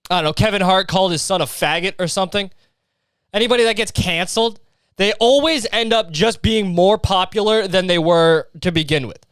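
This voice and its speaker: A man with a high, smooth voice rants through a solo comedy podcast. He swears freely, fills his pauses with ums, and mocks as he goes. The sound is close and dry. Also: a bit bright, no echo. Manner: profane, exasperated ranting with many fillers; mocking, sarcastic asides. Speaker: podcast host.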